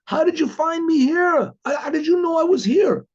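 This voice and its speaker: A man doing a guilt-stricken husband who cries out from a card table in a strained, much higher voice. He pleads in a husky, gravelly tone. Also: normal speed, mellow, highs cut off, heavily acted. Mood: startled. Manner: pleading, high and anguished.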